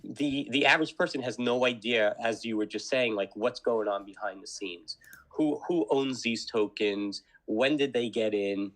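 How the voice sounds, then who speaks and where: Bright-voiced man, hesitant call-in guest. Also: medium pitch, moderate pace. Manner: hesitant, restarting, questioning. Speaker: podcast guest. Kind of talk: casual podcast chat.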